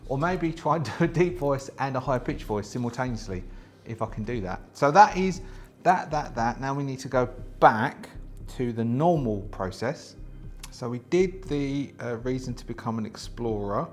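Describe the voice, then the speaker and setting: A man's voice: medium pitch, lively intonation, normal speed, hardly any pauses, soft background music. Chatty man thinking aloud over game rules. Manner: chatty, thinks aloud with many fillers and restarts. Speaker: solo game host. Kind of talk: casual solo tabletop play, reading rules aloud.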